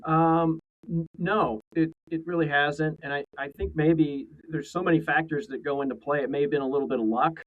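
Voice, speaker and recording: A man's voice: fairly high pitch, fairly even intonation, moderate pace, hardly any pauses, narrow, tinny audio. Rambling man co-hosting a podcast. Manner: rambling, many fillers and restarts. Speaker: co-host. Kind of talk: casual podcast chat.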